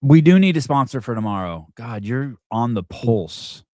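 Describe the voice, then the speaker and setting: With a mid-range, expressive voice at a moderate pace, this middle-aged podcast host runs a laid-back morning talk show. He rambles with callers, keeps restarting his sentences, and yells out quoted shouts. The studio sound is clean, without echo.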